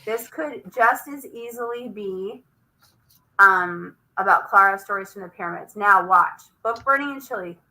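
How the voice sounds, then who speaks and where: A woman teacher walking her students through an online research demonstration, lively and coaxing as she clicks along. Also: medium pitch, normal speed, poor audio. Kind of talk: classroom demonstration over a video call.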